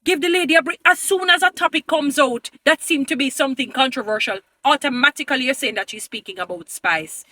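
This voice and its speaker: A woman's voice: sits high, fairly quick, few pauses, sharp tone, no room sound. A woman giving an emphatic, pleading opinion commentary to her viewers, often turning preachy. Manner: addresses viewers as "beautiful people". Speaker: vlogger.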